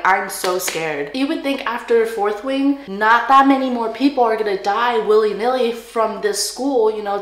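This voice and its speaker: A woman's voice: a little high, echoey room, a little hiss or hum. A young woman chatting in a casual reading vlog, gushing and saying "like" a lot. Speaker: book vlogger.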